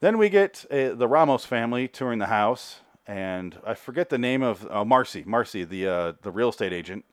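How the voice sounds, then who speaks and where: A man's voice: mid-range voice, animated, no echo, clean studio sound. A man hosting a casual podcast, recapping a TV episode in a rambling, sarcastic way, with lots of swearing. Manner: rambling, sarcastic, acts out characters' lines in quick asides. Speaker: podcast host reviewing a TV show.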